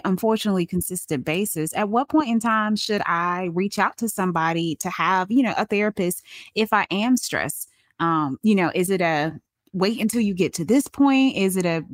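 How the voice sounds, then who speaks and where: A woman's voice: medium pitch, no echo, clean studio sound. A woman co-hosting a podcast interview, asking questions in a casual way. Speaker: podcast co-host. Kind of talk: conversational interview.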